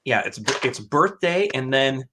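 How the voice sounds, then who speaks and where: A man's voice: mid-range voice, animated, moderate pace, noisy background. A man hosting a casual live-stream chat, speaking in a hesitant way with many restarts. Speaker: host.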